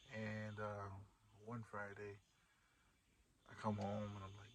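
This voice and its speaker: Guy w a lowish voice rambling thru a story, swears casually, faint hum behind. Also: monotone, slow, long pauses, poor audio. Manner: rambling, many fillers and restarts. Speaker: vlog host.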